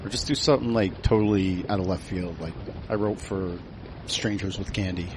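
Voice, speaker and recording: A man's voice: low-pitched, normal speed, a little mellow, a little hiss or hum. A man co-hosting a podcast, recapping scenes in a dry, wry way during casual banter. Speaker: podcast co-host. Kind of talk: casual banter among friends.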